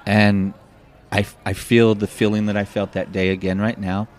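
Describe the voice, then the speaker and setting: A man with a somewhat low voice tells a personal story during an interview. He talks animatedly and acts out the voices of the people in it. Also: level tone, normal speed. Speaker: guest.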